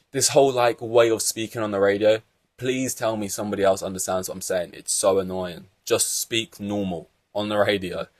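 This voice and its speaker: Low-voiced man ranting on a podcast. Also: no echo. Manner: animated, exasperated, swears freely. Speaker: podcast host. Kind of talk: casual solo podcast rant.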